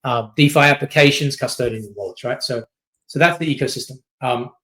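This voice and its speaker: Casual man giving a quick slide talk. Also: medium pitch, bright, forceful tone, rough recording. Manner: quick, loose, filler-heavy, keeps asking "right?". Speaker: company CEO giving a masterclass.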